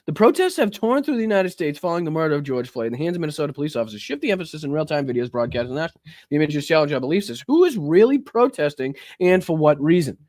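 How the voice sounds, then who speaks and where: A man's voice: a little high, big pitch swings, fast talker, a little mellow, no room sound, studio quality. A man reading out clips and ranting about them with heavy profanity. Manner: reads clips aloud, then comments. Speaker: political commentator. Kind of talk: profane reaction commentary.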